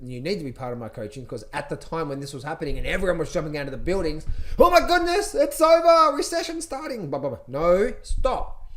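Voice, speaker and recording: Man, high voice, energetic trading coach, repetitive, chart walkthrough. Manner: energetic, repeats himself, mimics panicked traders in a high voice. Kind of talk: chart walkthrough, direct to viewers.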